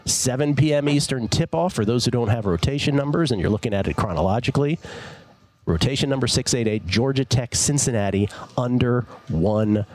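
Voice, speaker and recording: Male sports betting host, steady delivery. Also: medium pitch. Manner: steady, repeats numbers slowly for listeners. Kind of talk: casual radio show talk. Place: broadcast studio at a casino bar.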